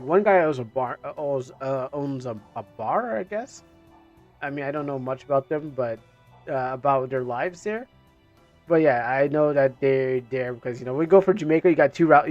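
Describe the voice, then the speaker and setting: A man's voice: mid-range voice, expressive, moderate pace, a little mellow, dull audio, faint music behind. A man streaming a game, chatting casually and rambling with many fillers and restarts.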